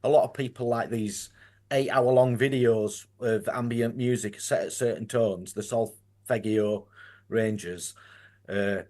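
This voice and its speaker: A man's voice: fairly low pitch, fairly even intonation, measured pace, a little mellow. A man with a Yorkshire accent talking as a guest in a casual conversation, earnest and rambling, often restarting his sentences.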